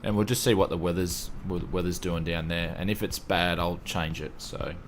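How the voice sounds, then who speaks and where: A man's voice: deep voice, fairly even intonation, normal speed, slight background noise. A man hosting a casual livestream, chatting and greeting viewers one by one. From Australia. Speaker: livestream host.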